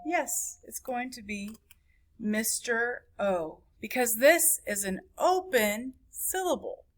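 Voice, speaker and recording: A woman's voice: fairly high pitch, lively intonation. A woman teaching a phonics lesson to a class, sounding out words syllable by syllable. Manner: slow, clapping out words syllable by syllable.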